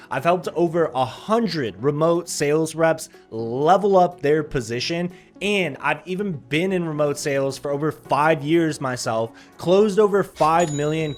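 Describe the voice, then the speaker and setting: A man hosting a sales-career video, pitching directly to viewers in an upbeat, salesy way with sarcastic asides. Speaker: sales recruiter and channel host.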